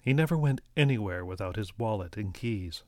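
A man reading a story aloud as an audiobook narrator, in a steady, even storytelling manner. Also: fairly low pitch, normal speed, no room sound, clean studio sound.

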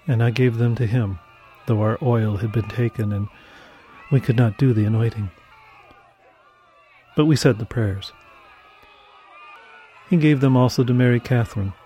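A man tells a dark first-person horror story in a measured, dramatic way, his voice sitting at a middle pitch. Faint music runs softly beneath the narration.

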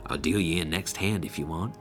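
A man voicing a gruff old male war veteran ghost, stern and scolding in a spoken story. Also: low voice, fairly quick, a bit bright, faint music behind.

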